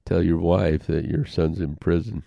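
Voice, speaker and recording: An older interview guest with a very deep, gravelly voice shares a personal story, unhurried and heartfelt, pausing and starting over as he goes. His tone is steady and dark, and the close, dry recording has no echo and cut-off highs.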